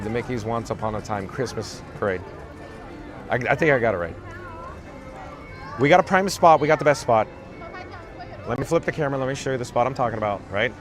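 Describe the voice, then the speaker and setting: Chatty guy rambling on a phone livestream outside, faint music behind. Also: medium pitch. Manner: chatty, jumps between tangents, reads out viewer comments. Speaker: live-stream vlogger, channel host. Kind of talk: rambling live-stream chat. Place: outdoors at a theme park parade route.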